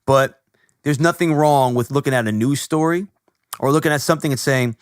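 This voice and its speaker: A man's voice: mid-range voice, fairly quick, no echo. A man co-hosting a podcast, speaking earnestly and preachily about faith and distrust of the media. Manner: earnest, preachy, religious talk; animated, laughing and shouting at the close. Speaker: podcast co-host. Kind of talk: casual podcast talk.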